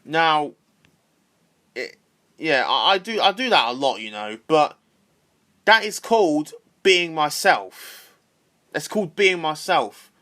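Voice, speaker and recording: A man's voice: fairly high pitch, very animated, slow, long pauses, pushed and bright. A man ranting casually to camera, repetitive and swearing freely. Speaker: vlogger.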